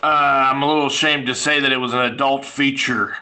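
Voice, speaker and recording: A man putting on a groggy, bright, distant caller. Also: mid-range voice, fairly even intonation, quick pace. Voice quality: groggy and hesitant. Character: sleepy middle-aged man woken by a phone call.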